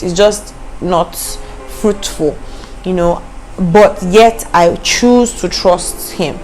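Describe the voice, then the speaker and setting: A woman giving a devotional talk as host, earnest and conversational, slowing down to stress the verses she reads. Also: on the low side, darkish tone, a little hiss or hum, poor audio. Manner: conversational asides between readings. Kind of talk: devotional teaching.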